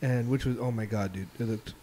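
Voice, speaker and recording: A man's voice: medium pitch, steady tone, brisk, mellow, slight background noise. A man hosting a podcast, telling stories in a loose, profane way with lots of filler ums. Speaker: podcast host. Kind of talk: casual chat.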